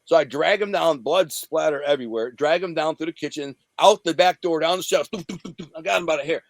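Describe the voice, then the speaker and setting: Recorded dry, a man from the Detroit area, USA, talks a little fast in a slightly high voice. As an interview guest he tells a casual story in profane street slang, acting out what happened.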